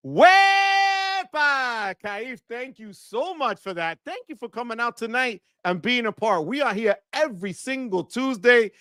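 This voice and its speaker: A man hosting a live stream, excitedly thanking viewers one by one and often shouting out a cheer. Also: extremely high pitch, normal speed, hardly any pauses, no echo, studio quality. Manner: enthusiastic, shouts "wepa" often. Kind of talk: live stream super chat shout-outs.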